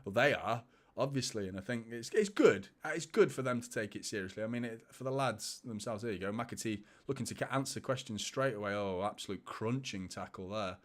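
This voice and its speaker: A man's voice: on the low side, expressive, fairly quick. A man, hosting a live football watchalong, chatting casually and laughing as he reads viewer comments. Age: 30s.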